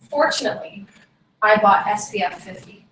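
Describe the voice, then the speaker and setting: A woman's voice: mid-range voice, lively intonation, a little slow, fairly bright tone. A woman hosting a comedy podcast and leading an improv game, laughing along, in a roomy echo from a distant mic with faint noise. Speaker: podcast host.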